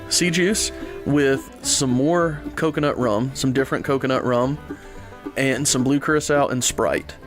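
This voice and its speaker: A podcast co-host, chatting casually in a playful, joking way. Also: mid-range voice. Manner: playful, joking, laughs easily. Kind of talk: casual chat.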